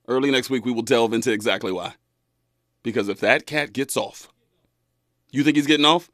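A man in his twenties hosting a talk radio show, animated and folksy, laughing often. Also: mid-range voice, a little fast, no echo, clean studio sound. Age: 20s.

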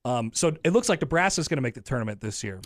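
Man, radio host, casual sports chat, jokey, lively pitch, studio mic, dry close sound. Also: fast talker, no room sound. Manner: animated, jokey, laughs easily.

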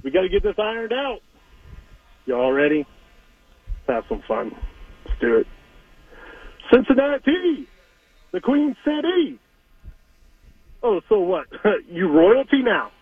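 A man on a tinny phone line rattles off comic rhyming trash talk in a playful, mocking voice. His pitch is high and swings widely, and he takes his time with every line. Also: very animated, slow pace, pauses often, husky, dry recording. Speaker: caller doing a weekly rap segment.

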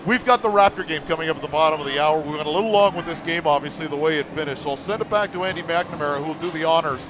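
A man doing radio play-by-play for football, shouting the call at big plays and then talking it over calmly. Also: a little high, very fast, a crowd in the background. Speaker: play-by-play announcer. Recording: muffled radio broadcast with stadium noise.

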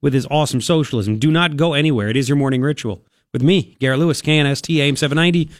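A man hosting a talk radio show in a studio, delivering an opinionated monologue in a sarcastic, mocking, animated way. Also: mid-range voice, rapid-fire, no room sound. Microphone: studio microphone.

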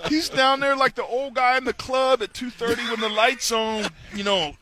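A man's voice: very high voice, normal speed, a crowd in the background. A man, a former football player, chatting as a guest on a sports radio show and telling stories with impressions of coaches. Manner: animated storyteller, slips into impressions of coaches. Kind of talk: casual sports talk radio chat. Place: studio on a busy media row.

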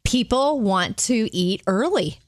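A woman hosts a casual radio talk segment, laughing easily between topics. Her voice sits high and swoops around lively, close and dry on the mic. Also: slow, no room sound. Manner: laughs often, lively and chatty. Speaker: radio show host.

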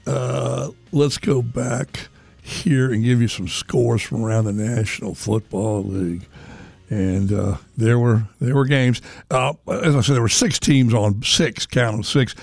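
A middle-aged man hosts a sports talk radio show. He rambles in a folksy way, full of fillers and side comments. His voice sits at a middle pitch, close and dry on a studio mic. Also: vocal fry, darkish tone, no echo. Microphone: studio microphone.

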